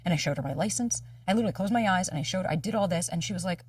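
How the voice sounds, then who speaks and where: A woman's voice: fairly low pitch, racing, hardly any pauses, darkish tone, slightly rough, no echo, far from the mic. A woman dating coach telling candid personal stories in a casual podcast chat, swearing freely. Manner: candid, emotional storytelling with frequent swearing.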